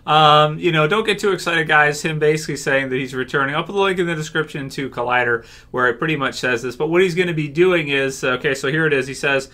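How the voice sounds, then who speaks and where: A man's voice: on the high side, fast, few pauses, sharp tone. A Canadian man giving casual fan commentary on a TV series, rambling with lots of fillers and small laughs. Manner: rambling, many "uh" and "you know", laughs often. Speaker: YouTube TV-show commentator.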